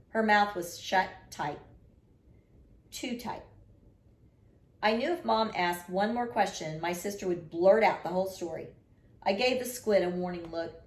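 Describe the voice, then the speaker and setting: A woman reading a children's chapter book aloud, narrating expressively in the first person. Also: mid-range voice. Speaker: storyteller. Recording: roomy echo.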